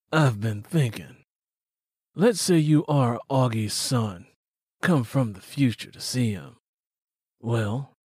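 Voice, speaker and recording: A man reading an audiobook, voicing a stern, skeptical small-town male police officer who questions slowly and bluntly. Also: medium pitch, a little mellow, slightly rough, no echo, studio quality, exaggerated voice. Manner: slow, deliberate, blunt questioning. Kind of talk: audiobook character voice.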